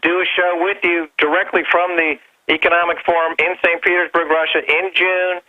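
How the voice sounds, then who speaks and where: Man, phone-in guest, brash, provocative, slightly high voice, tinny phone sound. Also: flat delivery, normal speed. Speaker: guest commentator. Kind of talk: phone-in talk radio interview. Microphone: telephone.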